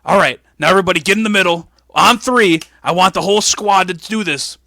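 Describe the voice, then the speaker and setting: A man's voice: a little high, normal speed, vocal fry, bright, forceful tone, no room sound, studio quality. A man voicing a pompous older male wrestling boss who barks orders at his team. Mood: rallying.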